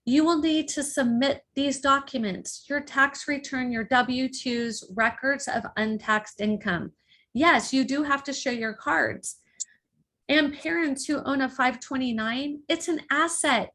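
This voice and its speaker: A woman hosting a college-planning webinar, giving deliberate, emphatic instructions in a scripted presentation over a video call. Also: sits high, a bit bright. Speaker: webinar host and college consultant.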